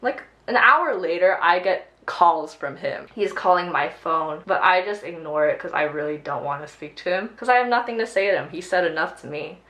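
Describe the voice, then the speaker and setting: A woman's voice: on the low side, normal speed, hardly any pauses. A young woman vlogger chatting animatedly while she does her makeup, telling a story with lots of "like". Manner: chatty, animated retelling with many "like"s. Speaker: beauty vlogger. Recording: roomy echo.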